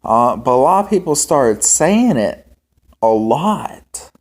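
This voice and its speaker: Slow, halting man rambling casually. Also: medium pitch, sing-song. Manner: slow, halting, many ums and restarts. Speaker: homestead vlogger.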